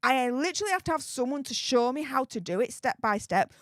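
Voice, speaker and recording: A British woman hosting a live stream, chatting casually, laughing often and reading out viewer comments in a frank, animated way. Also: high-pitched, a little fast, dry recording, clean studio sound. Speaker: livestream host reading viewer chat.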